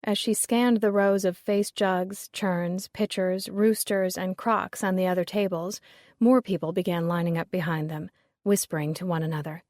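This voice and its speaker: A woman reading a story aloud as narrator in steady, measured narration. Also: on the low side, no echo, clean studio sound. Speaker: audiobook narrator. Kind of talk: scripted narration.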